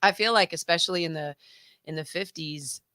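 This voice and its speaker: A woman's voice: lowish voice, a little fast, pushed and bright, no echo. Earnest woman, emotional talker. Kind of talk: casual music chat.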